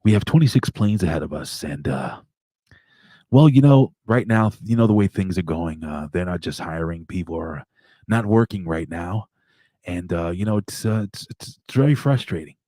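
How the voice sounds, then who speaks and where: Frustrated pilot on the intercom, all uhs and ums, low voice, dry sound, as a guy puts him on. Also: expressive, moderate pace, mellow, no echo. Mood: weary rambling. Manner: hesitant, full of uhs, weary complaining announcements. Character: frustrated, rambling male airline pilot.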